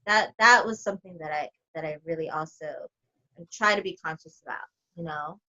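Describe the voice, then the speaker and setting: A woman's voice: sits low, moderate pace, lo-fi sound. A woman talking casually as a podcast guest about her coaching sessions, telling stories animatedly and filling gaps with lots of "you know" and "like.". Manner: animated storyteller, heavy on fillers. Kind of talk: casual chat.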